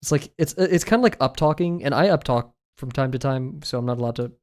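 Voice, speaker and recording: A man's voice: mid-range voice, a little fast, a little mellow. A young man chatting casually while he draws on a livestream, rambling and giggling with lots of filler words. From United States. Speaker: streamer.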